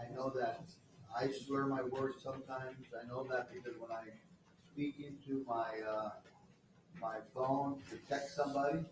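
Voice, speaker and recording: A man presiding over a trial, speaking sternly in halting, rambling sentences. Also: medium pitch, noisy background. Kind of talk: courtroom remarks. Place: courtroom. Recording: echoey room from far off.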